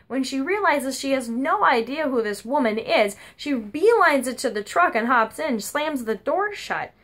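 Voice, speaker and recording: An adult woman delivers a humorous eulogy for her grandmother at a funeral service, sharing anecdotes in a conversational, wry way. Her voice is high-pitched with a fairly bright tone.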